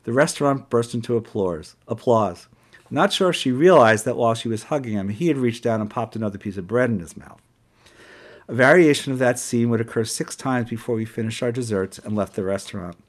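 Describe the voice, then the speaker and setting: A man narrates his own memoir in a dry, sarcastic tone. His voice sits at an ordinary middle pitch and pace, with a plain, unforced delivery. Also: fairly quick. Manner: wry, sarcastic. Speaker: narrator reading a personal memoir. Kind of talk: first-person storytelling.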